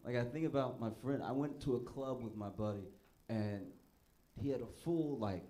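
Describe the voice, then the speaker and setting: A man performing a stand-up comedy set on a club stage, telling stories and pushing his voice loud and high for the punchlines, with the audience laughing. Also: normal speed.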